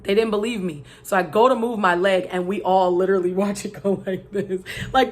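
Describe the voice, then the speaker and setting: A woman vlogger talks straight to her viewers, her speech loose and animated and full of filler and asides. Her voice sits at an ordinary middle pitch for a woman. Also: fairly quick, hardly any pauses. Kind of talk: casual storytelling to camera.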